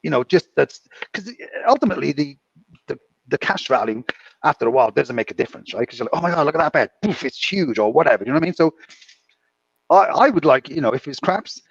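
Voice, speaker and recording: A man's voice: on the high side, animated, fast talker, gravelly, husky, no echo. A man chatting casually as a podcast co-host, rambling and chuckling through his stories. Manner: rambling, chuckling storyteller with filler words. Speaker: podcast co-host, casino dealer. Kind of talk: casual chat. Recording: dull muffled dry mic sound.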